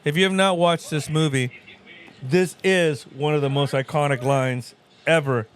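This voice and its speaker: A man's voice: fairly high pitch, fairly even intonation, a little slow. Laid-back male movie co-host. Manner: loose, swearing, addresses viewers. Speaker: podcast co-host. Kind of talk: casual film commentary.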